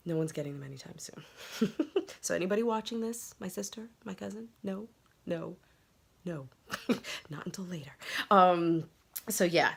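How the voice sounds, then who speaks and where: A woman's voice: fairly low pitch, creaky. A woman hosting a knitting video podcast at home, chatting casually with lots of fillers and little giggles, sometimes dropping to a whisper as she handles things, moving about near the camera mic. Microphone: camera mic, moves around off camera.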